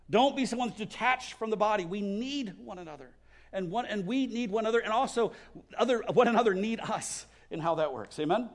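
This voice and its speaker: A man's voice: sits high, expressive, brisk. A man preaching a sermon as a pastor, earnest and exhorting, often repeating words as he goes, and leading a closing prayer. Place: church service.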